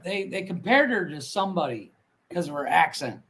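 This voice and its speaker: A man's voice: on the high side, sing-song, normal speed, bright, forceful tone, breathy edge, rough recording. A man co-hosting a comedy podcast, chatting bluntly and crudely, often stammering as he restarts. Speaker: podcast co-host. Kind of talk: casual comedy chat.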